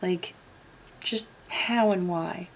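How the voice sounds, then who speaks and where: Gravelly, blunt woman commentator. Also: on the low side, very slow, slight background noise. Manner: blunt, sarcastic, swears freely. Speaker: commentary YouTuber. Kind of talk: casual reaction commentary.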